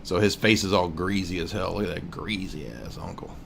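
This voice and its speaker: A man's voice: low-pitched, fairly even intonation, fairly quick, gravelly, a little hiss or hum. A man in his forties hosting a livestream, casually mocking what he watches in a rambling, joking way. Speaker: livestream host.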